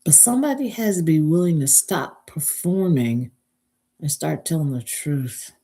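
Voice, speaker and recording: A woman's voice: sits low, lively intonation, unhurried, warm tone, slightly rough. A woman speaking as a relationship speaker in a live motivational talk. She talks emphatically, spells out key words letter by letter, and asks listeners to repeat after her.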